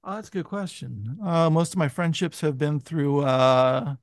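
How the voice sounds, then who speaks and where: A man talks casually in a fairly high voice, swinging into raised, animated voices when he quotes people in his stories. The sound is close and dry, with no room around it. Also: measured pace, dry recording. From San Francisco. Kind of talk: casual chat.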